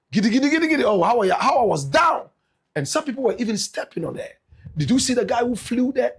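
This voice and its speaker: A man with a Ghanaian accent giving animated political commentary. He is emphatic, often addresses listeners as "my brother, my sister" and bursts into shouts. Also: extremely high pitch, vocal fry, slightly rough.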